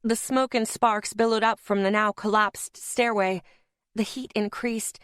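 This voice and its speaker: A woman's voice: mid-range voice, steady tone, unhurried, a bit bright, smooth, no echo, studio quality. A woman narrating a first-person audiobook in a tense, dramatic storytelling manner.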